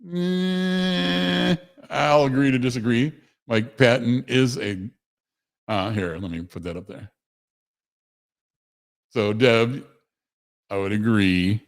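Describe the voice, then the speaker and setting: A man with a somewhat low voice hosts a casual livestream. He rambles in a loose, chatty way, corrects himself mid-sentence and answers viewers in the chat. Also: slow pace, long pauses. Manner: rambling, conversational, with fillers and self-corrections; reads chat messages aloud to viewers. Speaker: host of a livestream show.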